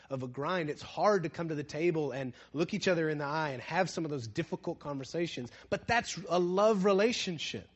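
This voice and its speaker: A man preaching a conversational sermon who asks his listeners questions, drops to a hush and then builds to emphatic points. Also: fairly high pitch, muffled recording. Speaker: pastor.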